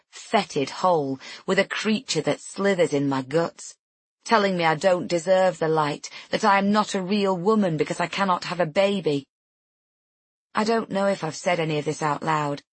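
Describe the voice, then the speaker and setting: A woman reading a first-person novel in a steady, tense manner. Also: fairly low pitch, breathy edge, dry recording. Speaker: audiobook narrator. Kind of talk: scripted first-person narration.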